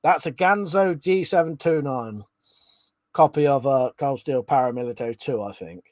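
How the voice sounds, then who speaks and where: A British man hosts a casual live stream in a mid-range, darkish voice at a moderate pace. He chats loosely, swears freely and reads out viewer comments, and the recording is dry.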